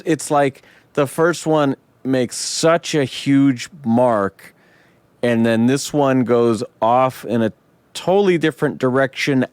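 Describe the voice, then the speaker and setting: A man hosting a casual film podcast, animated and quick to swear and vent out loud. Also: mid-range voice, smooth, dry recording. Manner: animated, swears and vents loudly. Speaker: podcast host.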